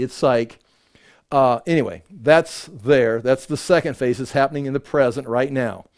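A man's voice: on the high side, darkish tone. An older man preaching a conversational sermon, often restarting his sentences and acting out self-pitying voices.

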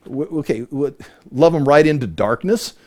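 A man's voice: a little high, lively intonation, normal speed, darkish tone. Man teaching scripture with rhetorical questions. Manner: conversational, full of rhetorical questions. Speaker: Bible teacher. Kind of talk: Bible study teaching.

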